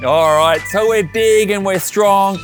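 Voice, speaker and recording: A man's voice: sits high, slow pace, over music. A man hosting a children's church show, upbeat and calling out actions to the kids. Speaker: children's ministry presenter. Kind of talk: energetic kids' show hosting.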